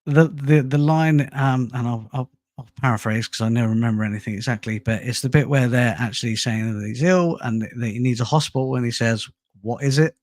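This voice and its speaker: A man's voice: medium pitch, a little fast, darkish tone, no room sound, clean studio sound. A middle-aged man hosting a casual live stream, rambling and self-deprecating, often breaking into laughter. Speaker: host and channel producer.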